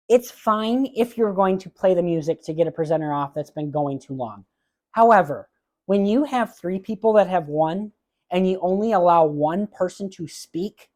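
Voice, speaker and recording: A man's voice: on the high side, darkish tone. Chatty opinionated male movie podcaster. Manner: opinionated, frequent "um" fillers; openly emotional about awards moments. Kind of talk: casual solo podcast chat.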